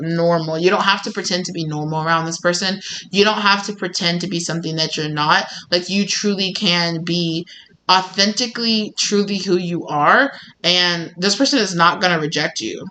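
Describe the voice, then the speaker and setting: A woman with a bright, sharp voice pitched a bit low gives a loose, chatty tarot reading. She rambles with lots of fillers and slips into quick acted-out quotes of what people say. Her delivery stays casual and unscripted throughout. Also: a little hiss or hum, low-quality recording. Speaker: tarot reader.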